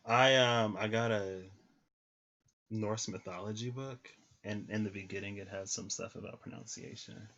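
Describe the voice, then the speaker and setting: A man's voice: fairly low pitch, fairly even intonation, moderate pace, fairly bright tone. A man giving a casual livestream tarot reading, thinking aloud with many ums. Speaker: tarot reader. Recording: slightly muffled lo-fi audio.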